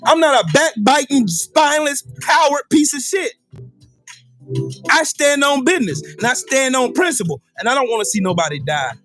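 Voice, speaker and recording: A man's voice: extremely high pitch, animated, moderate pace, music in the background. A man hosting a livestream, in a furious, profane political rant, taunting viewers with repeated questions. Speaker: livestream host.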